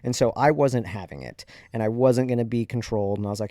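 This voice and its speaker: A man's voice: medium pitch, fast talker, warm tone, no echo. A man in his thirties, a podcast host, candidly and reflectively telling a personal story in a conversational way.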